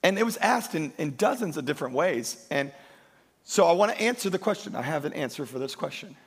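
A man preaching a sermon as pastor, emphatic, slowing and lifting his voice on key lines. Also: a little high, animated, husky. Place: church.

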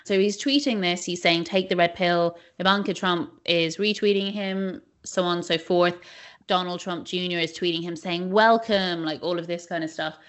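A young woman co-hosting a podcast, telling stories in a chatty, animated way with many fillers. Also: lowish voice, normal speed. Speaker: podcast co-host. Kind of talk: casual chat.

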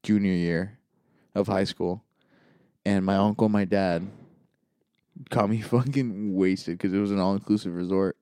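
A young man tells funny stories in a loose, casual chat and acts out the people in them. His tone is warm and mellow. The sound is dry, with no room echo. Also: low voice, measured pace, pauses often, smooth. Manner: animated anecdotes, acting out quoted voices.

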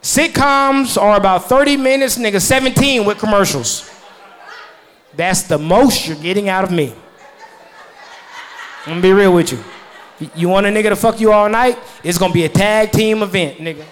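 High-voiced man in his thirties doing stand-up. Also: normal speed, pauses often. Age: 30s. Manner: loud, laughing at his own jokes, profane banter with the crowd. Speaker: stand-up comedian. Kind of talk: stand-up comedy set. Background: audience laughter.

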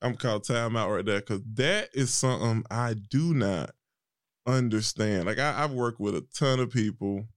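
A man's voice: on the low side, normal speed, no room sound, studio quality. A man from South Carolina with a rural country twang, hosting a podcast in an enthusiastic, chatty way. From Johnston, South Carolina. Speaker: podcast host. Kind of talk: conversational interview.

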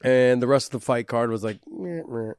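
A man's voice: medium pitch, flat delivery, a little fast, a little mellow, clean tone, no room sound, clean studio sound. A man hosting a podcast in casual chat, easygoing and rambling, swearing freely. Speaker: podcast host.

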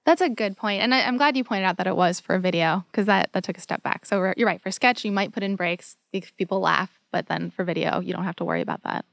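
A woman's voice: mid-range voice, quick pace, creaky, hardly any pauses, fairly bright tone, no room sound. Thoughtful woman on a podcast panel. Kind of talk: casual podcast discussion.

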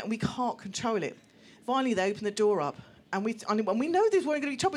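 A woman telling a personal story to a live audience, lively and acting out voices of other people. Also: a little high, fast talker. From England. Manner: animated, acts out voices, laughs through the telling. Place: small venue room with an audience.

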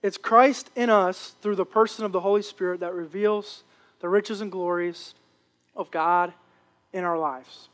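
A man's voice: sits high, fairly even intonation, a little slow, fairly bright tone. A man preaching a sermon with impassioned, repetitive phrasing. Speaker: pastor.

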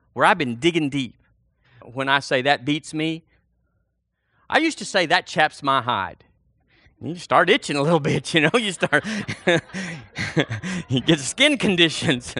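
A man preaching a sermon in a folksy, animated way, swinging from loud emphasis to quiet asides. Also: a little high, dry recording, studio quality.

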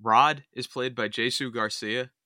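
A man's voice: medium pitch, steady tone, unhurried, bright, forceful tone, no room sound, studio quality. A man co-hosting a horror film podcast, talking bluntly and sarcastically about what he watched. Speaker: podcast co-host. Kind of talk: casual film-review chat.

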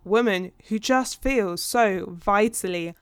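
A woman's voice: mid-range voice, slow pace, smooth, no echo, studio quality. A woman co-hosting a podcast, chatting casually and frankly about books and swearing freely. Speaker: podcast co-host. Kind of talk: casual book chat.

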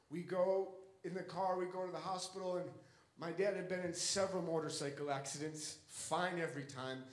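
A man's voice: high voice, steady tone, normal speed, roomy sound, poor audio. A young man preaching a sermon with an impassioned, repetitive cadence.

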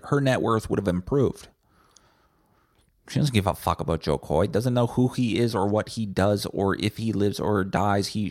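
A man's voice: on the low side, a little mellow, no room sound, studio quality. A man hosting a solo podcast, ranting bluntly and sarcastically with plenty of swearing. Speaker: podcast host.

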